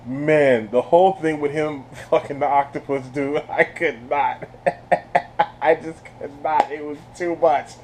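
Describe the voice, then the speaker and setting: A man chats through a spoiler review of a TV season, loose and slangy, often breaking into laughter. His voice sits a little high for a man. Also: fairly even intonation, slow, slight background noise. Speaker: TV show reviewer. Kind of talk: casual spoiler review chat.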